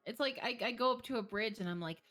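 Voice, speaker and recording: A woman's voice: a little high, fast talker, a bit bright, faint music behind. A woman therapist, a streaming guest, talking candidly about mental health with frequent laughter and jokes. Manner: candid, joking, laughs often. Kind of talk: livestream conversation.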